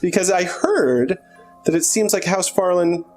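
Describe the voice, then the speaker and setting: A man's voice: high voice, expressive, unhurried, creaky, darkish tone, soft background music. A man playing a tabletop role-playing game, asking probing questions in character. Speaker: player.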